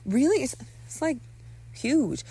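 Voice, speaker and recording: A woman's voice: high voice, very animated, takes it slowly, warm tone, breathy edge, no room sound, pitched above the performer's own voice, full character voice. A woman voicing a rattled young man who stammers and hedges in a narrated audio story. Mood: awkward. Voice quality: stammering, hesitant.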